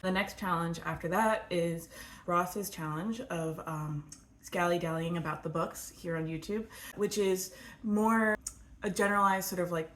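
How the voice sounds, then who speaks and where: This American woman co-hosts a book channel, keeping the casual chat upbeat and dotted with fillers. Her voice sits lowish but fairly bright, steady in tone and measured in pace, captured in an echoey room.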